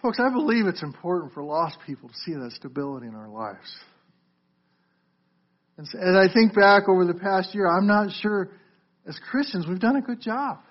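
A pastor with a high, expressive voice preaches earnestly at a moderate pace, addressing listeners as "folks" and often repeating words as he restarts. The recording is muffled and lo-fi.

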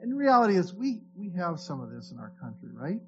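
A man's voice: sits high, sing-song, fast, a little mellow, highs cut off, slight background noise. A man preaching a sermon in a conversational way, reading scripture aloud and often restarting his words. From Florida. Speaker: pastor.

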